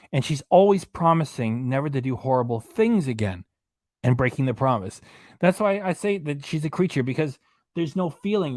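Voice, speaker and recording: A man's voice: on the high side, darkish tone, no echo. Indignant ranting man, dry sound. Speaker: reaction channel commentator. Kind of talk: angry commentary.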